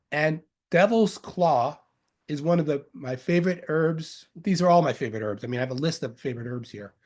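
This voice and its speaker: A man with a slightly high voice and a darkish tone rambles through an informal lecture about medicinal herbs. He comes from Long Island, New York, has a faint accent from there, and jokes, fills pauses, and corrects himself along the way.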